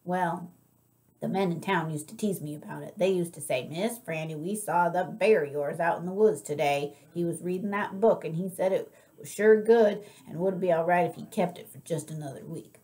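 A woman reading aloud, voicing an old woman librarian who tells a slow, wistful story with dramatic swells. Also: lowish voice, warm tone, lightly acted.

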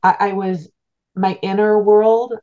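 A woman's voice: mid-range voice, level tone, slow, mellow, lo-fi sound. A middle-aged woman telling a personal story as an interview guest, earnest, heartfelt and reflective. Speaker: guest, spiritual teacher.

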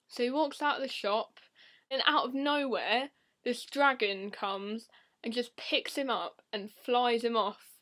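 A teenage woman vlogging casually to camera in a deadpan, rambling, silly way. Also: fairly high pitch, measured pace.

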